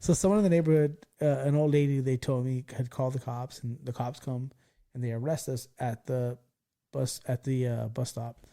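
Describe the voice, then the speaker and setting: A man in his thirties hosting a podcast, telling a story in casual chat, animated, laughing and swearing freely. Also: medium pitch, normal speed. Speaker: podcast host.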